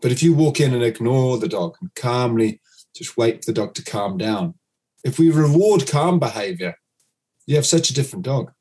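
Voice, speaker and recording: Animated man explaining dog training. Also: mid-range voice, moderate pace. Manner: animated, acts out dog owners' commands. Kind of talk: interview guest explaining.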